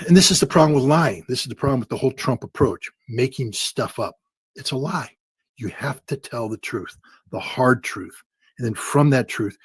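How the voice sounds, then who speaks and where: Husky guy ranting sarcastic about the military, dry sound. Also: medium pitch, no room sound. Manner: blunt, sarcastic, mocks with acted quotes. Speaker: commentator. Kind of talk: political commentary chat.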